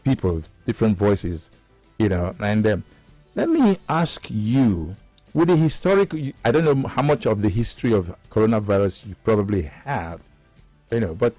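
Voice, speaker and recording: A man hosts a live-stream talk, winding through his questions with restarts and filler words. His voice sits at a middle pitch and is recorded close and dry, with faint music underneath. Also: darkish tone, no room sound. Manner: rambling, halting questions with many restarts. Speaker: host.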